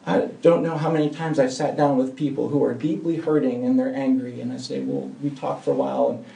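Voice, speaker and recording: A man preaching a sermon in a church, earnest and emphatic, shifting between soft and loud passages. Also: mid-range voice, little pitch movement, a little fast, gravelly. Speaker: pastor. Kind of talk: sermon with closing prayer. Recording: roomy sound from a distant mic.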